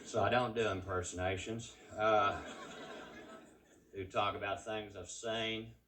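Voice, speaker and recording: A man with a West Texas drawl doing a stand-up comedy set, telling stories in a dry, unhurried way. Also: fairly low pitch, steady tone, sharp tone, slight background noise.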